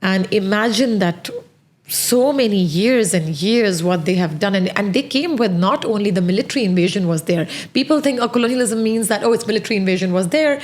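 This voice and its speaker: A woman in her thirties hosting a podcast chat, with a mid-pitched voice. She speaks passionately and with animation, and often breaks off to restart a thought. The tone is casual and conversational. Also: lively intonation, a little fast, darkish tone. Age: 30s. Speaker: podcast host.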